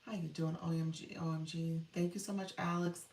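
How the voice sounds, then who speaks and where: A woman's voice: sits low, level tone, fairly quick, a little mellow, echoey room, far from the mic, slight background noise. A woman coaching on a livestream in casual chat, reading comments, laughing often and thanking viewers by name.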